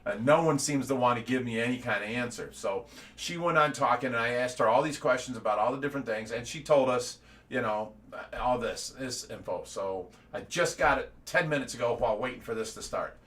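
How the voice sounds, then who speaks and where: A man's voice: medium pitch, brisk, a bit bright. A middle-aged man from the United States giving a casual livestream update, rambling and repeating words, with laughs between his stories. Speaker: fish rescue owner giving an update.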